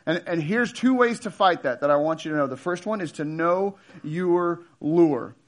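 Pastor in his thirties, high voice, relaxed jokey sermon delivery. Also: moderate pace. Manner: casual, joking storyteller with animated asides.

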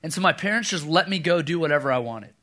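A man's voice: on the high side, quick pace. A man in his thirties preaching a sermon, telling a personal story and acting out the voices in it. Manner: animated storyteller, acts out voices, drops to a hush for quoted lines. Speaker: pastor.

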